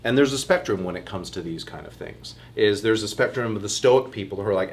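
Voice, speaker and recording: A man, a chiropractor, giving a casual online health workshop. He talks to his listeners in a chatty, animated way and calls them "you guys". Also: on the low side, a little fast.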